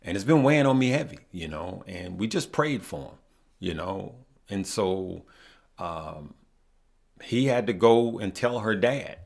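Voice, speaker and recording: A man hosting a live stream, talking earnestly to his viewers, emotional and near tears, halting and often repeating himself. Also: deep voice, animated, creaky. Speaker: host of a stock market live stream.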